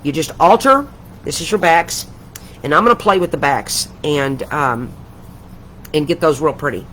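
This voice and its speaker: A woman's voice: deep voice, lively intonation, normal speed, a bit bright, slight background noise, low-quality recording. An older woman, hosting a casual craft livestream from home, chatty and rambling, gushing with affection. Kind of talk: casual live craft chat.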